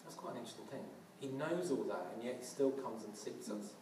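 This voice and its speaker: A man's voice: mid-range voice, expressive, a little fast, a little mellow, slight background noise. A man preaching a sermon earnestly, often restarting and using fillers. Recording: roomy, from a distance.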